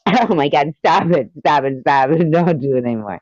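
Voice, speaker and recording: A woman's voice: low-pitched, lively intonation, moderate pace, hardly any pauses, darkish tone, no echo. A woman chatting casually on her live stream, teasing, laughing often and swearing freely. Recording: dull, dry lo-fi stream audio.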